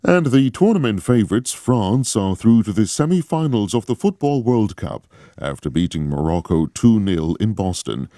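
A man reading a radio news bulletin in a measured, formal way. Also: on the low side, sing-song, mellow, no echo, studio quality. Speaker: newsreader.

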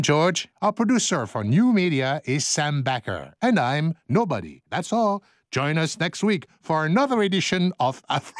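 A man's voice: fairly high pitch, sing-song, unhurried, no echo. An older man hosting a radio show, bantering playfully through studio outtakes, joking, laughing and breaking into silly song.

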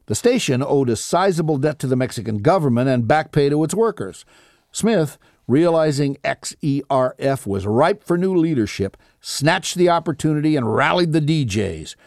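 Even-voiced male documentary narrator. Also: fairly high pitch, normal speed, no echo, clean studio sound. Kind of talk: scripted narration.

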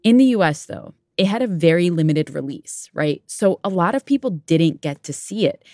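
A woman's voice: on the low side, expressive, moderate pace, a little mellow, no echo, clean studio sound. A woman co-hosting a talk podcast, thinking aloud in a casual, chatty way. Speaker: podcast co-host. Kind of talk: conversational radio chat.

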